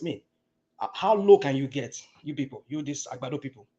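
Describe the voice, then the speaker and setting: A man's voice: medium pitch, fast talker, dark tone, muffled recording. A man, arguing indignantly in a heated political debate and repeating words to break in. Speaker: caller in a political discussion.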